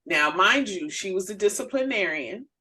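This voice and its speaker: A woman's voice: medium pitch, moderate pace. A woman minister co-hosting a casual chat, telling family stories and acting out the voices of people she quotes. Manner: animated storyteller who acts out quoted voices. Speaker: minister and podcast co-host.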